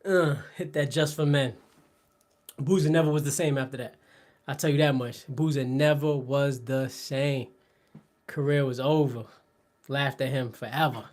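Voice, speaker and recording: A man hosts a live workout stream from a home workout spot indoors, joking and rambling with his chat between exercises. He laughs often and trails off mid-sentence. His voice is medium-pitched and darkish, with fairly even intonation at a moderate pace.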